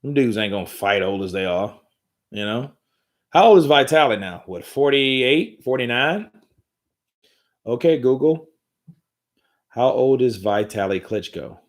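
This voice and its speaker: A man's voice: medium pitch, lively intonation, a little slow, long pauses. A man hosting a live boxing commentary stream, talking in a rambling, profane, joking way from home.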